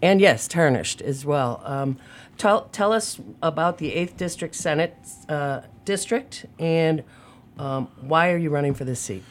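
A woman's voice: sits low, animated, measured pace. An older woman co-hosting a radio talk show, chatting casually and joking with laughter. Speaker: radio co-host.

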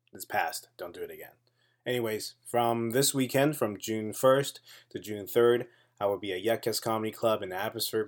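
Man telling a comic story. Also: on the low side. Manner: animated, builds suspense, self-deprecating jokes. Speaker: comedian hosting a storytelling podcast. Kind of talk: casual storytelling monologue.

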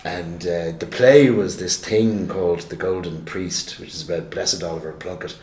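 A man's voice: low-pitched, moderate pace, darkish tone. A man telling a story in casual conversation, rambling and self-mocking, with many restarts. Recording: roomy echo.

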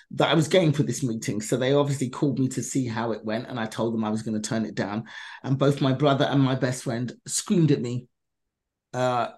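A woman comedian telling a story as a podcast guest, acting out each person's lines and swearing freely. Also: a bass voice. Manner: animated, acts out dialogue in different voices. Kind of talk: conversational storytelling.

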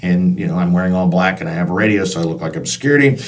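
A man's voice: deep voice, very fast. Man telling a story, distant mic. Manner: conversational, acts out dialogue with restarts. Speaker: storyteller recalling work as concert venue staff. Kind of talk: told personal anecdote. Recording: voice picked up from a distance.

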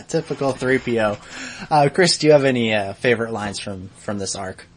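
A man hosts a casual podcast and keeps the talk moving, handing questions to his guests in a friendly, attentive way. His voice is of middling pitch and unremarkable in tone. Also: expressive, moderate pace. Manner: steers the conversation, friendly and attentive. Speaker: podcast host.

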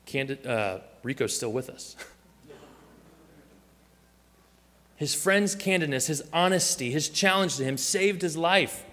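A man's voice: a little high, expressive, takes it slowly, pauses often, fairly bright tone, breathy edge. Man preaching in a reverberant church hall. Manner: storytelling, acts out quoted voices. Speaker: pastor. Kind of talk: sermon.

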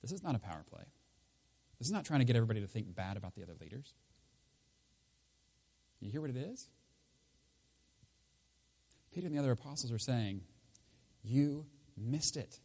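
A man preaching a sermon in a conversational, emphatic way, his voice rising loud and dropping low. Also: sing-song, a little fast, creaky, pauses often. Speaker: pastor.

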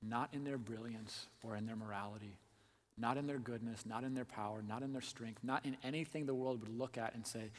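A man preaching a sermon, asking the listeners direct questions and swinging between hushed asides and loud emphasis. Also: mid-range voice, fairly even intonation, fairly quick. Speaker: pastor. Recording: long hall reverb.

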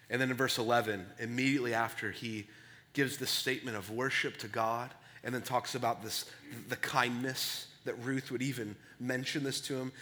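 A man of ordinary pitch delivers a sermon as a pastor. His manner is earnest and conversational, and he keeps checking in with "right?". He moves between hushed, reflective stretches and loud bursts of excitement. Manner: earnest, asks "right?" often.

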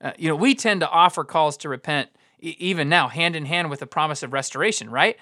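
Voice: mid-range voice, quick pace, pushed and bright, no echo. Informal preacher, dry close sound. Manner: informal, repeats and restarts words, acts out quoted lines. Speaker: pastor. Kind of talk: conversational sermon.

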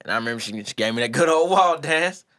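A man in casual chat, telling stories in a relaxed, slangy way and laughing often. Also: fairly high pitch, fast talker, dry recording, clean studio sound. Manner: laid-back slangy storytelling, laughs often.

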